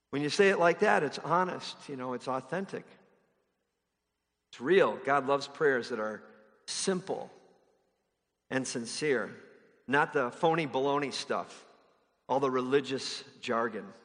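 A man's voice: on the high side, animated, a little slow, bright, forceful tone, in a large hall. A man preaching a sermon in a conversational way, now and then mimicking others in exaggerated voices. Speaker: pastor.

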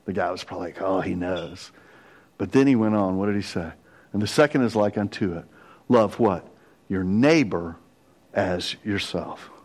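A middle-aged pastor preaching a confessional sermon, telling a personal story with quoted voices. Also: male voice, fairly low pitch, moderate pace, darkish tone.

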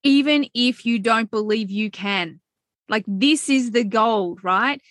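An excited, effusive woman talking as a tarot reader guest in a casual podcast chat, swearing casually. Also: on the high side, takes it slowly, no room sound, clean studio sound.

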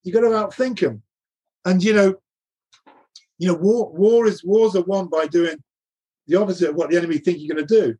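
Husky-voiced man telling lively anecdotes. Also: sits high, brisk, pauses often. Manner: laughs often while telling stories, acts out quoted dialogue. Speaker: guest recounting coaching career. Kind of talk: animated anecdotal storytelling.

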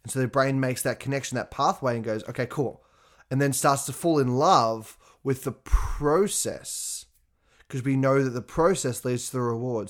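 A young man talking on his own podcast in an animated, casual way, swearing freely and making asides to his listeners. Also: mid-range voice. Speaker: podcast host. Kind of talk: casual solo podcast talk.

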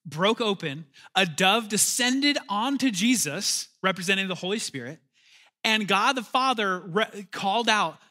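Man, pastor, conversational sermon, bright voice, slightly high pitch, emphatic bursts. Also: animated, moderate pace. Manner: conversational preaching with calls for amen and bursts of emphasis.

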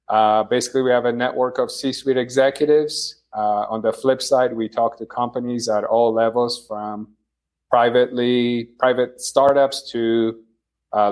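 A man from Poland, a company founder, answering interview questions in a relaxed, measured way with many fillers. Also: medium pitch. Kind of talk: casual interview.

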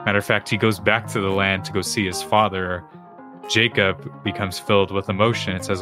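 A man's voice: fairly low pitch, fairly even intonation, normal speed, over music. A man hosting a faith podcast, earnestly retelling a Bible story and encouraging listeners. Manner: earnest, retelling scripture with restarts. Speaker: podcast host.

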